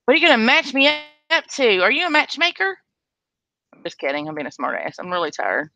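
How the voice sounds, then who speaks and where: A woman's voice: on the low side, wildly swooping pitch, fast talker, bright, forceful tone, dry recording. A woman hosting a casual livestream chat, blunt and sarcastic as she talks with viewers. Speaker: livestream host.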